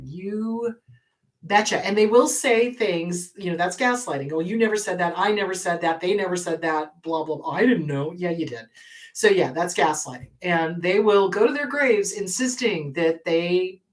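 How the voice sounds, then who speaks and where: A woman's voice: lowish voice, a bit bright. Blunt, emphatic woman therapist, slightly distant mic. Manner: blunt, emphatic, repeats key advice. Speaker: therapist and show host. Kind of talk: live advice talk answering viewer questions.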